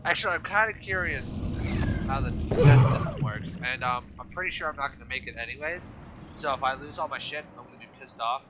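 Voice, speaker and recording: A man's voice: medium pitch, fairly quick, background noise. A young man hosting a let's-play video, chatting casually, swearing, and chanting words over and over in a sing-song way. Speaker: gaming video host.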